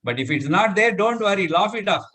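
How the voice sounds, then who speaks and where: Middle-aged male instructor leading a laughter yoga session with loud "very good" cheers and laughs. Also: high voice, breathy edge. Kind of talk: live demonstration talk.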